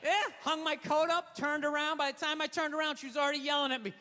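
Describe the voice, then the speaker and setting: A male stand-up comedian with a strikingly high voice, telling his story in a ranting, exasperated way. His delivery is profane and heated, built to land jokes on an audience. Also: little pitch movement, quick pace, background noise.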